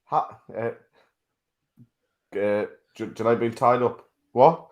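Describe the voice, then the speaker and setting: A man's voice: medium pitch, slow pace, lo-fi sound. A man co-hosting a casual podcast, laid-back and playful, swearing now and then. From north of England. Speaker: podcast co-host. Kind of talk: casual banter.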